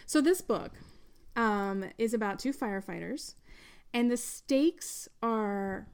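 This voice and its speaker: Podcast host, woman, fairly high voice, chatty and laughing. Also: takes it slowly, darkish tone, clear, resonant tone. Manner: chatty, laughs often, filler-heavy. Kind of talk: casual podcast interview.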